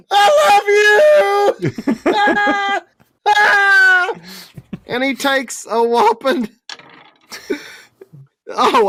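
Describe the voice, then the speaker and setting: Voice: mid-range voice, noisy background. A game master narrating a tabletop game, laughing often and telling it with crude, playful humor.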